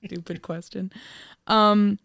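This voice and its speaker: A woman's voice: mid-range voice, fairly even intonation, slow pace, creaky, a bit bright. A young woman co-hosting a casual movie chat, playful and laughing often. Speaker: podcast co-host.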